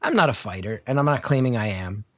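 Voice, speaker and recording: A guest co-host on a podcast, this North Jersey man talks fast in a mid-range voice, with background noise on the video call. He tells an animated story, acting out the quotes and swearing freely.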